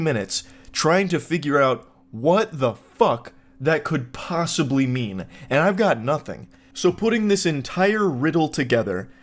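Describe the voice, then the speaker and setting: A man giving reaction commentary in a sarcastic, incredulous tone, often jumping into exaggerated high quips. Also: very animated, a little slow, few pauses. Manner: sarcastic, incredulous, mock-puzzled. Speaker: online commentator.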